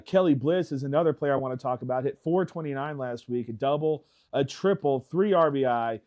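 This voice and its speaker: With a mellow, medium-pitched voice, a man co-hosting local sports talk radio sounds relaxed and friendly. The broadcaster reads off player stats in casual conversation.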